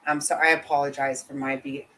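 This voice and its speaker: A woman's voice: a bass voice, flat delivery, quick pace, fairly bright tone, slight background noise, rough recording. Blunt, cursing woman livestreamer. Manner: blunt, indignant, swears freely. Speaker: livestream host reading chat. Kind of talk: casual livestream commentary.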